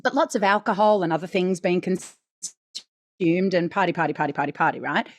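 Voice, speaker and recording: An Australian woman with a naturally low, slightly husky voice talks in a candid, animated podcast chat. She swears now and then. The sound is dry and close, with no room around it. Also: moderate pace, dry recording. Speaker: podcast co-host. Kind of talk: casual chat.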